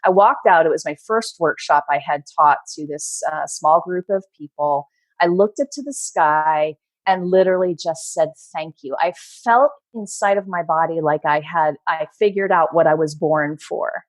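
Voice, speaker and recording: A woman's voice: low voice, normal speed, dry recording. A middle-aged woman, a podcast guest, speaking passionately and motivationally in casual conversation. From Maryland, USA. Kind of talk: casual interview chat.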